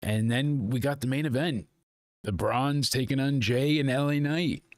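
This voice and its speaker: A man's voice: medium pitch, fairly even intonation, normal speed, no room sound. Chatty man recapping, dry close sound. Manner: retells scenes in a chatty, loose way with many "you know"s and "he's like"s. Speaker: wrestling show reviewer, host. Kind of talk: casual live review recap.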